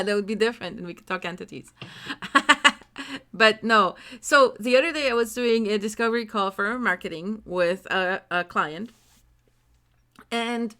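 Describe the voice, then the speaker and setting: A woman chatting casually and telling stories with lots of laughter. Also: fairly high pitch. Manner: laughs often, animated storytelling. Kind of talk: casual chat.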